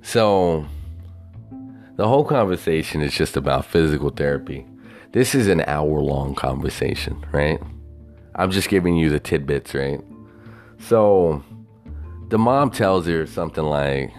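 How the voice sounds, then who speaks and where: A man's voice: a bass voice, expressive, unhurried, long pauses, darkish tone, faint music behind. A man casually telling a rambling story, full of swearing and unsure asides. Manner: profane, hesitant, self-doubting.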